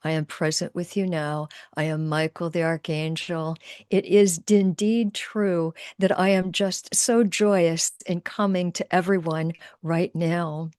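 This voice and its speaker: Woman channeling a calm archangel spirit, slow and solemn, low-set voice, dry close sound. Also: smooth, no room sound, natural voice. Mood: serene. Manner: slow, measured, solemn pronouncements. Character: serene archangel spirit speaking through a medium.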